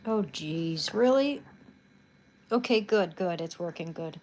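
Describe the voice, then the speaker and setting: A woman's voice: on the low side, expressive, slow pace, darkish tone. Chatty young woman live streaming from home. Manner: chatty, rambling asides. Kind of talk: casual live-stream chat. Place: bedroom at home.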